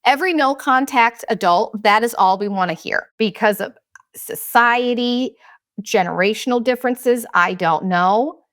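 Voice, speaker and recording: A woman's voice: fairly high pitch, a little slow, fairly bright tone, dry recording, clean studio sound. A woman in her thirties hosting her own show, talking candidly and bluntly with plenty of swearing in a confessional, casual monologue. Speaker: podcast host.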